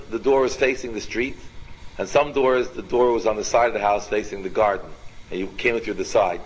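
A man with a husky, middle-pitched voice teaches an informal Torah class, animated and repetitive as he fires questions at students by name. The recording sounds dull and lo-fi.

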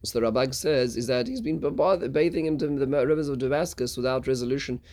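A man teaching a casual Bible lesson, halting, with many stuttered restarts. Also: mid-range voice, darkish tone. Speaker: Torah teacher.

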